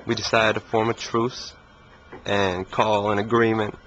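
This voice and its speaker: Laid-back young man, low voice. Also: level tone, a little slow, fairly bright tone. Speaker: interviewee. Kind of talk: casual storytelling interview. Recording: muffled recording with faint hiss.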